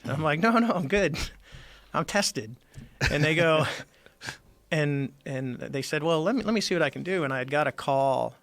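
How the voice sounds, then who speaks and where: A middle-aged man who once commanded a Navy squadron tells a story on a podcast, voicing each line of dialogue himself in a relaxed interview. He speaks at normal speed in a fairly high, slightly bright voice.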